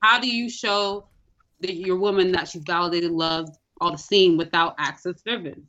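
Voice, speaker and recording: A woman's voice: lowish voice, normal speed, bright, forceful tone, highs cut off. A woman co-hosting a casual chat, pressing questions in a teasing, playful way.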